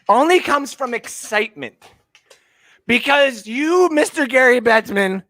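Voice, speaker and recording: A Canadian man co-hosting a casual sports podcast, ranting excitedly and swinging from mutters to shouts. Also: very high voice, moderate pace. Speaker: co-host.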